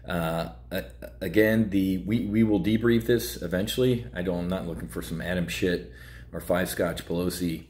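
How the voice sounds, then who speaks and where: A man's voice: low voice, fairly even intonation, moderate pace, a little mellow. A man hosting a trading show, talking bluntly and heatedly with many fillers. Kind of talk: casual market commentary.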